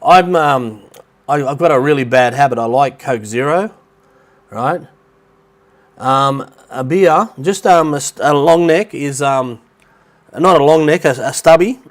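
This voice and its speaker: A man's voice: on the high side, a little slow. A middle-aged Australian man hosting a casual livestream, chatty and rambling, with a blocked nose that makes him sound nasal. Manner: rambling, chatty, greets viewers by name. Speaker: livestream host. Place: rented apartment near the beach in Thailand.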